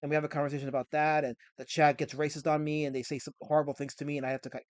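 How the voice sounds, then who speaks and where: Fast-talking stammering male streamer. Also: a little high, level tone, no echo. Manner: stammering, repeats words. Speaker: streamer host. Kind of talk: casual stream banter.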